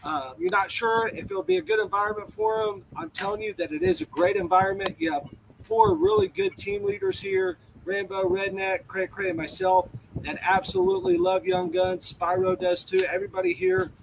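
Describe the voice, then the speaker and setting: A man's voice: sits high, animated, normal speed, gravelly, a little hiss or hum, low-quality recording. A man who leads a team, chatting in an upbeat, encouraging way. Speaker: team commander. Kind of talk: casual chat.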